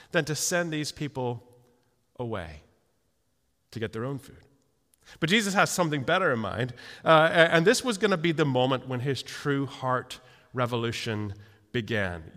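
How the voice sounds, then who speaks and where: A man preaching a sermon, his voice bright and a little high for a man. He tells the story with animated asides and frequent stammered restarts. The sound rings with a long reverb, as in a church hall.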